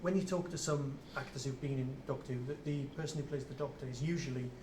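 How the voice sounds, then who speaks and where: A man interviewing a guest for a podcast, curious and quick with short murmurs of agreement. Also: medium pitch, fairly even intonation, dark tone. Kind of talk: casual interview questions. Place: convention venue. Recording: roomy sound with clear background noise.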